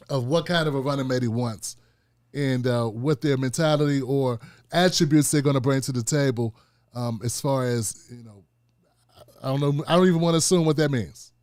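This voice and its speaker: Man, commentary show host, high-pitched, casual street talk, lively. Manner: animated, repetitive, street-casual.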